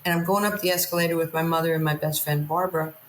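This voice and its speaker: She races through her life story as a guest, a candid woman from Queens, New York who vividly acts out the lines people said to her. Her voice is low-pitched with little pitch movement, and the recording has a roomy echo and slight background noise.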